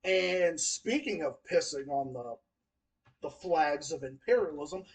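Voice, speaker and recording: A male livestream host who chats casually and trips over his words as he stammers. His pitch jumps around a lot between excited outbursts and nervous mumbles. He sits a little back from the microphone. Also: a little slow, far from the mic, poor audio. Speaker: stream host.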